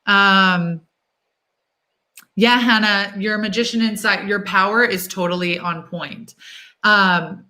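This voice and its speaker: A young woman runs a casual tarot livestream, thinking aloud as she works through each card. Her mid-range voice is bright, forward, upbeat and encouraging, and she keeps filling pauses with "um" and "like" as she chats.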